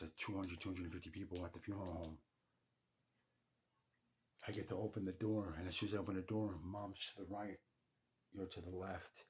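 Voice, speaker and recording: A young man with a low, deep voice tells an intimate story straight to his late father. His delivery is raw and unguarded, and he swears freely. Faint clicking noises sit in the background. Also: darkish tone, a little hiss or hum. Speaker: grieving son telling his story. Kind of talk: emotional personal monologue.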